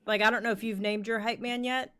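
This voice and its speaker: A woman's voice: a little high, steady tone, fast, sharp tone, smooth. A young woman co-hosting a podcast in casual chat, talking candidly, swearing freely and leaning on "like" a lot. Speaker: podcast co-host.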